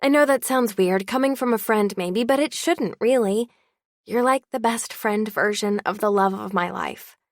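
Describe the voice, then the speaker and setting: A woman's voice: mid-range voice, moderate pace, no room sound, clean studio sound, close to an everyday voice. A woman voicing an earnest, apologetic teenage girl in an audiobook.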